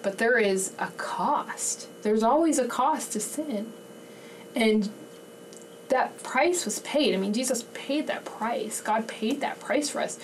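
A woman's voice: on the high side, takes it slowly. Candid woman recorded from a distance. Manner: candid, open about emotions, laughs often. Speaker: podcast co-host and homeschooling mother. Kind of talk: candid faith conversation. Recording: distant mic, faint background noise.

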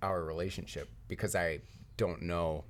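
A young man joking around on a casual podcast with his brothers, talking haltingly. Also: deep voice, steady tone, background noise. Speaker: podcast co-host.

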